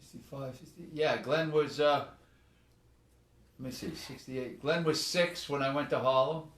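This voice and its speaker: An older man with a New York accent, chatting casually and easygoingly on a live stream, chuckling and pausing as he recalls things. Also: mid-range voice, a bit bright. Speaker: retired firefighter co-host. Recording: echoey room.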